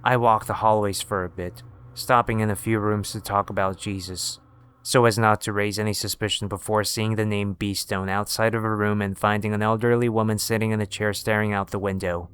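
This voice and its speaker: A man narrating a first-person horror story in a steady, scripted storytelling manner. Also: on the low side, a little fast, clean tone.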